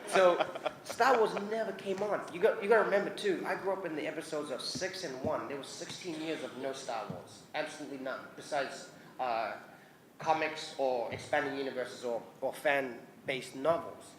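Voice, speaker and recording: Animated New Zealand man in a roomy hall. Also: a little high, moderate pace. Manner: lively, acts out voices in his anecdotes, laughs often. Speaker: convention guest. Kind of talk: animated storytelling Q&A. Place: convention hall.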